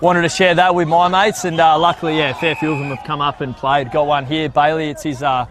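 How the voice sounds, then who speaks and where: A man's voice: fairly high pitch, level tone, a little fast. A young man with an Australian accent, a community health educator, chatting casually as a guest on the commentary, hesitant and full of fillers. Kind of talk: on-air chat as a guest. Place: outdoors at a country football ground.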